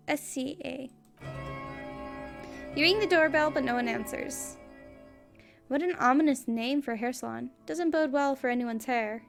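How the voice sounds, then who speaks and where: Brief: gravelly-voiced woman gamer narrating text casually. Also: sits high. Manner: casual, wry asides. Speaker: let's play gamer. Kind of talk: reading game text aloud.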